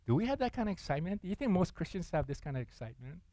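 A man preaching a sermon with animated delivery, putting on excited voices in the quotes he acts out and asking the congregation questions. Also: sits high, very fast. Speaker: pastor.

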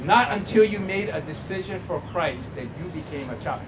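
Pastor guy preaching hard, call and response w the crowd, pretty high voice. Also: animated, moderate pace, few pauses, rough recording. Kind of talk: sermon.

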